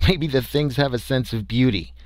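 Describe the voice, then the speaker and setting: A man voicing a hearty male crewman who speaks loudly and jeers, in a storybook reading. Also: medium pitch, normal speed, dry recording, voice pushed up, close to an everyday voice. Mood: mocking. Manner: loud and jeering.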